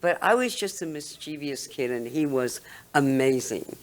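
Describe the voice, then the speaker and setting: A woman's voice: very deep voice, expressive, moderate pace. A woman in her seventies with a London accent, a guest who reminisces in a chatty way and often laughs while talking. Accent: London English. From London, England. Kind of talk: reminiscing interview talk.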